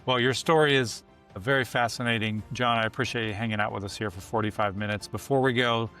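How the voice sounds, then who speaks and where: A man hosting a podcast who wraps up an interview in a relaxed, friendly way. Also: mid-range voice, fast talker, smooth, faint music behind. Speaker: podcast host. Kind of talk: casual interview wrap-up.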